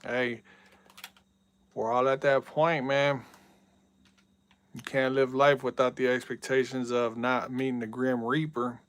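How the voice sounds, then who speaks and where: Male game streamer, casual and talkative, smooth resonant voice, dry. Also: mid-range voice, level tone, a little slow, long pauses, no echo. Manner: chatty, reads out viewer messages, yells at big plays. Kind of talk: casual live-stream chat.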